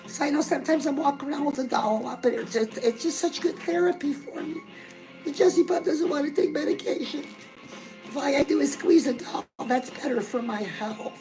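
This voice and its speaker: High gravelly gushing woman host. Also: brisk, over music, rough recording. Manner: gushing, chatty, keeps calling the viewer girl. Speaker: fitness and lifestyle show host. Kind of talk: comedic character monologue.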